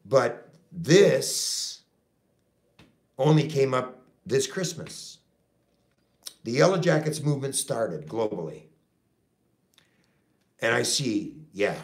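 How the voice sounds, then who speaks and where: A middle-aged man from Canada, a trucker and activist, ranting to his viewers with heavy swearing and a repeated "okay?". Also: mid-range voice. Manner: profane, repetitive, keeps saying okay. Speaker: activist vlogger. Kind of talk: impassioned rant to camera.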